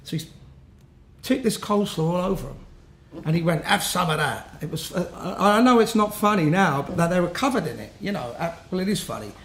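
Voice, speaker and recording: Sitting high, brisk, animated, and a bit bright, this man's voice carries rambling, laugh-filled anecdotes with many restarts. He is a London musician guesting on an interview, recorded in a roomy setting with faint background noise.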